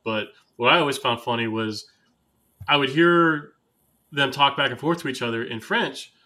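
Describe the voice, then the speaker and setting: A man's voice: medium pitch, moderate pace, sharp tone. A man from the United States hosting a podcast, chatting casually and telling anecdotes with easy laughs. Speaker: podcast host.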